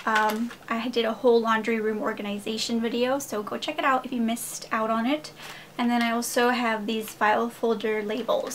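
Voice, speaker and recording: Her voice is a little high and a bit bright as this young haul vlogger gushes to "you guys" in a casual, enthusiastic chat. The recording is low quality, with a little hiss or hum.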